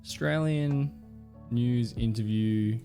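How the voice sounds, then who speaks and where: A man's voice: mid-range voice, takes it slowly, dark tone, soft background music. A man streaming live, chatting casually and reacting to clips, rambling, swearing and laughing often.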